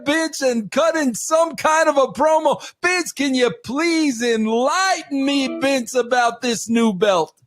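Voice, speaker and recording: A man's voice: very high-pitched, a bit bright, full character voice. A man voicing a nervous male assistant who keeps pleading with the boss and repeating his name. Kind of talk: comedic improv role-play.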